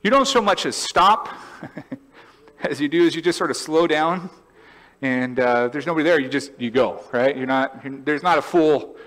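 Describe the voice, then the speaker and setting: Animated man preaching in a reverberant church. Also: fairly high pitch, normal speed. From California. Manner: animated, storytelling, acts out voices and laughs. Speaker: pastor. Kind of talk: sermon. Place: church sanctuary.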